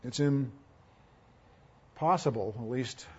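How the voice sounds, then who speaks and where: Husky-voiced male preacher, emphatic. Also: mid-range voice, slow pace, dull audio. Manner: emphatic preaching with rhetorical questions, swinging between loud and soft. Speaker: pastor. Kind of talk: sermon.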